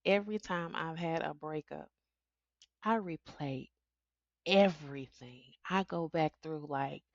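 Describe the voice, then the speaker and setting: A woman's voice: sits low, unhurried, no room sound, lo-fi sound. A middle-aged woman hosting a solo podcast, talking candidly and chatting with frequent laughs. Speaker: podcast host. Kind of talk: casual solo podcast talk.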